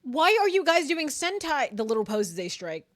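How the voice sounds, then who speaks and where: A young woman streaming a game, chatting casually, swearing freely, laughing and reacting loudly to what happens on screen. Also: high-pitched, normal speed. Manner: profane, giggly and animated, reacting out loud. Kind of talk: casual gaming commentary. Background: loud game music.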